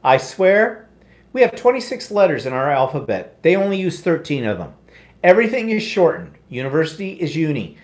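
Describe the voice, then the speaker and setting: A man's voice: fairly high pitch, big pitch swings, a little fast. A middle-aged man with an Ontario Canadian accent, co-hosting a casual live chat in a wry, self-deprecating way. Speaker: co-host.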